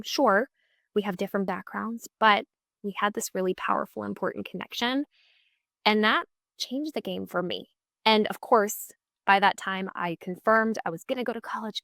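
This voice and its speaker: A young woman hosts her own podcast, telling a story in an upbeat, chatty way and acting out the lines she quotes. Her pitch sits in an ordinary middle range. The recording is dry, with no room sound. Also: vocal fry, a bit bright, dry recording. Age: 20s. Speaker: podcast host. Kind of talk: casual solo storytelling.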